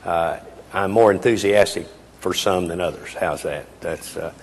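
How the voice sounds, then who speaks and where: This keynote speaker is a man in his 80s whose low-pitched voice moves at a normal pace. He talks in a folksy, emphatic way, often hesitating, while the hall echoes and faint noise lingers.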